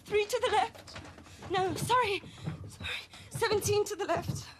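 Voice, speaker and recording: Brief: panicky victim, very high voice, hissy tape. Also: female voice, unhurried. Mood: scared. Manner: pleading, panicky. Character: frightened woman held up in her flat. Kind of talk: TV crime reconstruction acting.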